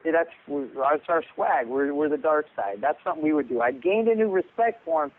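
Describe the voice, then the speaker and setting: A man's voice: fairly high pitch, lively intonation, a little fast, slight background noise. A man, a boxing coach and podcast guest, telling a rambling story over the phone, repeating words and acting out what others said. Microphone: phone call. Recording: tinny phone line.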